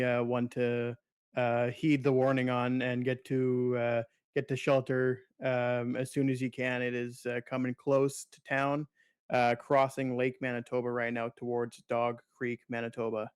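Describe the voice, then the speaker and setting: A man co-hosting a live storm stream, giving halting warnings to a town in the storm's path. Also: medium pitch, completely flat delivery, clean tone, dry recording, studio quality. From Canada. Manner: halting, with "uh" fillers. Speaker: co-host. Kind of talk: live storm-tracking commentary.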